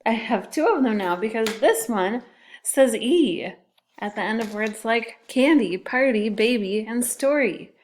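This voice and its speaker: A woman's voice: a little high, animated, unhurried, a little hiss or hum. A woman teaching a phonics lesson to young children, patiently sounding out and spelling words. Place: classroom.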